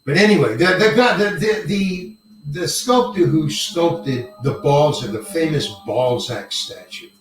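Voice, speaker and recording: An older man, a working actor, telling stories in an interview in an animated way, acting out the lines of others and swearing casually. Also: on the high side, a little slow, faint music behind. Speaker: actor guest. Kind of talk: storytelling interview. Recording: echoey room, mic far off.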